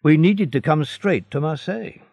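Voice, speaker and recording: A man's voice: on the high side, normal speed, gravelly, a little mellow, no room sound, muffled recording, pitched above the performer's own voice. A man voicing a complaining, resentful ship's officer in a storybook reading.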